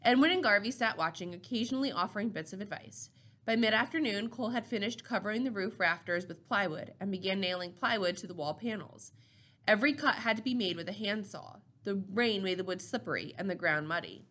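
A woman narrating a novel chapter in a steady, measured reading voice. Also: medium pitch. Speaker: audiobook reader.

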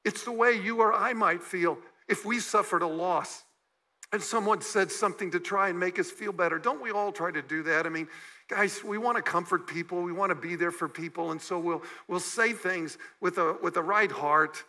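Bright-voiced man preaching a sermon. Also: high voice, moderate pace, low-quality recording. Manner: conversational preaching, acting out emotional quotes. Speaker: guest pastor. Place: church sanctuary.

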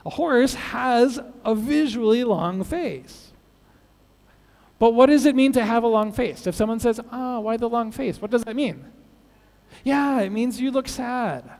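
High-voiced man joking in a hall. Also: lively intonation, measured pace, vocal fry, a little mellow. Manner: playful, asks the audience questions. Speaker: conference speaker. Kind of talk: joke-telling talk to an audience. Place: large conference hall. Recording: long reverb of a large hall.

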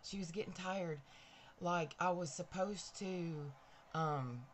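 A woman's voice: on the low side, slow pace, slight background noise. Bubbly woman hosting a live stream. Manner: chatty, bubbly, greets viewers by name. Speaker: livestream host. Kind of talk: casual live-stream chat. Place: bedroom at home.

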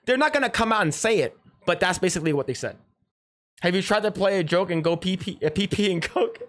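A man's voice: sits high, animated, fast talker. A man hosting a livestream, reacting to a clip in rambling, sarcastic casual chat with frequent restarts and swearing.

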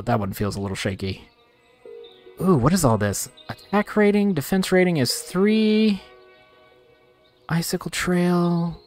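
A man giving excitable let's-play commentary, talking straight to his viewers and ranting playfully. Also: mid-range voice. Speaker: gaming video creator.

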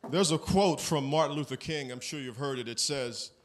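A man's voice: mid-range voice, moderate pace, a little hiss or hum. A man preaching a sermon as pastor, talking plainly and asking the congregation questions. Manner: conversational, asks the congregation questions.

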